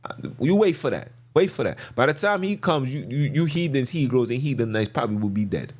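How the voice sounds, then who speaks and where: A man's voice: medium pitch, lively intonation, fairly quick. Emphatic, slangy man preaching. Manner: emphatic, slangy, repeats phrases for stress. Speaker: podcast host. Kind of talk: preachy scripture commentary.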